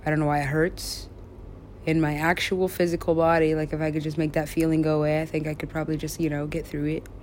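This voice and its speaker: A woman's voice: low voice, flat delivery, fast talker, darkish tone, a little hiss or hum. A woman recording herself in a rambling solo monologue, talking to herself and swearing casually. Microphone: self-recorded.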